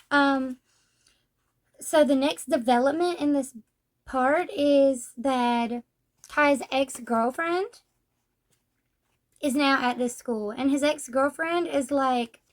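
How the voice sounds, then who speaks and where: A chatty young woman with a high, light voice talks through a manga volume. Her delivery is casual and loose, with "like" dropped in every few words. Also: a little mellow. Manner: chatty, says "like" often. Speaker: manga reviewer. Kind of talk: casual book review.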